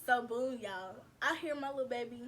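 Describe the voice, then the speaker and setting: A woman's voice: fairly high pitch, moderate pace, fairly bright tone, a little hiss or hum. A woman vlogger casually telling her viewers a personal story, chatty and slangy, calling them y'all.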